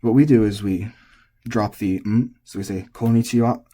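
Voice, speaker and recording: Husky and warm, this American man speaks at a moderate pace while casually teaching Japanese pitch accent. He works things out aloud, often stopping and starting over.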